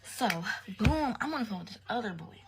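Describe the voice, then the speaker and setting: A woman's voice: fairly high pitch, lively intonation, a little fast, creaky, heavy background noise. Young woman telling a slangy storytime. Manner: slangy and profane, drops to a whisper at times. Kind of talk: casual storytime.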